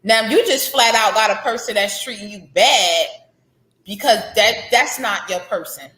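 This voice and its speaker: A woman's voice: mid-range voice, normal speed, pushed and bright. A woman in her thirties, an author guest, speaking candidly and heartfelt about faith and healing, repeating phrases for emphasis. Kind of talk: candid interview conversation. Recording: echoey room.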